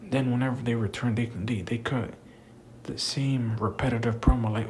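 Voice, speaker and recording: With a mid-range, darkish voice and fairly even intonation, this young wrestling commentator vlogger speaks at a moderate pace. His casual wrestling rant is exasperated and full of swearing and "bro," with a little hiss or hum present.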